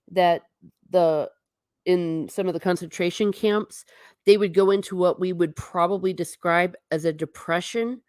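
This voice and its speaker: A woman's voice: on the low side, no room sound, studio quality. A young adult woman hosting a casual livestream, rambling and chatting as she reacts to her viewers' comments. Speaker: livestream host reading chat.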